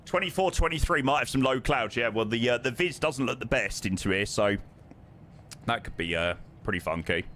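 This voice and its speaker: This British streamer's mid-range, fairly bright voice moves at a normal speed with lively intonation as he chats over a flight sim. He reads viewer messages aloud and reports runway and altimeter figures, with a little hiss or hum in the background.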